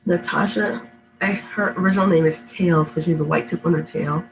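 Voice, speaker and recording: A woman's voice: lowish voice, fairly even intonation, fairly quick, noisy background. A middle-aged woman with a sick, stuffy voice who reads storybooks aloud to kids at home, then chats in a rambling, affectionate way. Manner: rambling, affectionate, laughs often. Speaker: storytime reader. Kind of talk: reading aloud to kids, then casual chat. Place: home indoors.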